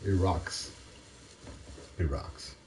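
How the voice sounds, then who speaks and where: A man from Europe chatting casually, halting and repeating his words in non-native phrasing, with faint rain behind him. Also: background noise. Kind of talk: casual one-sided chat.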